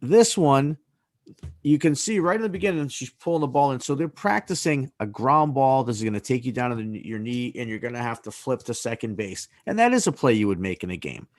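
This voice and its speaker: A man's voice: medium pitch, expressive, fairly quick, a little mellow, no room sound, studio quality. A man co-hosting a podcast, explaining methodically point by point. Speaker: podcast co-host. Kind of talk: casual podcast discussion.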